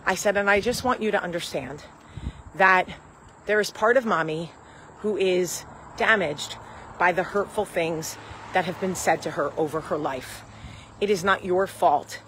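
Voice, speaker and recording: A woman's voice: medium pitch, normal speed, pauses often, slight background noise, low-quality recording. Candid woman in her forties telling a story. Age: 40s. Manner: candid, animated storytelling, acts out quoted dialogue. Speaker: host. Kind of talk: casual talk to camera.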